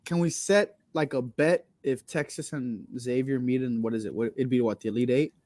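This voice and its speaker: A man's voice: medium pitch, fairly even intonation, normal speed, mellow, no room sound. A man co-hosting a casual sports podcast, emphatic and repetitive when he argues a point. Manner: emphatic, repeats himself in denials. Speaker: podcast co-host.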